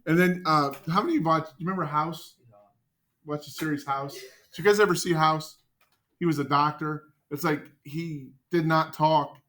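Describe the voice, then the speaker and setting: A man teaching a math class, joking with students and quizzing them with quick questions. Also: fairly high pitch, steady tone, fairly bright tone.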